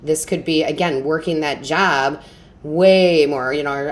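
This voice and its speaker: A woman's voice: deep voice, a little slow. A woman giving a tarot reading to her viewers in a chatty, reassuring way, often checking in with "okay?" and "right?". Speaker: tarot reader. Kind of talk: casual tarot reading to camera.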